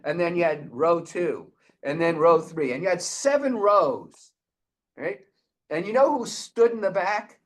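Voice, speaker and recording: Male host-teacher, slow and lively storyteller, fairly high voice. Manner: animated storyteller, frequent restarts.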